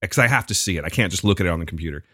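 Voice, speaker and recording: A man's voice: sits low, expressive, racing, fairly bright tone, no room sound, studio quality. A man hosting a casual chat who sets up improv bits and swears casually. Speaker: podcast host.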